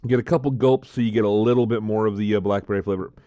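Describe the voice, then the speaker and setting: A man chatting casually to camera while tasting drinks, rambling, repeating himself and filling pauses with frequent "uh, um" sounds. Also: fairly low pitch, fairly even intonation, dark tone, clear, resonant tone, no room sound, muffled recording.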